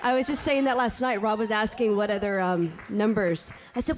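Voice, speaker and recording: A woman's voice: mid-range voice, fairly quick, hardly any pauses, a little hiss or hum. A woman joining a friend on a convention stage, chatting in a bubbly, eager way. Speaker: fellow convention guest. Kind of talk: casual stage banter. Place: convention stage before an audience.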